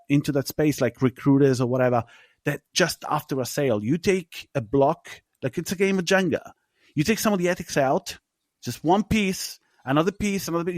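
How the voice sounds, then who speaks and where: A man's voice: a little high, no room sound, clean studio sound. A man hosting a film podcast, giving his opinions in an emphatic, casual way and swearing now and then. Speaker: podcast host. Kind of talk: casual film review chat.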